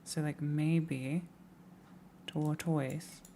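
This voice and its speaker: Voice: medium pitch, steady tone, very slow, creaky, mellow, slight background noise. A young adult live streamer from the Midlands, England, with an English accent, chatting casually on stream in a rambling, self-mocking way and laughing often. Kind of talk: casual live-stream chat reacting to tips.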